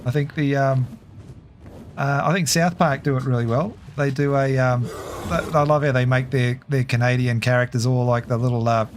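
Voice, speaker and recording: A man's voice: medium pitch, steady tone, normal speed, faint music behind. A man with an Australian accent chatting casually with his livestream viewers while playing a game, laughing often. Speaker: game streamer.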